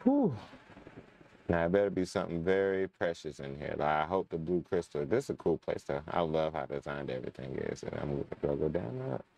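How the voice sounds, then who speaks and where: A man's voice: low-pitched, animated, fairly quick, vocal fry, a little mellow. A young man casually commenting while playing a game, chatting to his viewers and muttering when frustrated. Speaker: gaming channel host. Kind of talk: casual let's-play commentary.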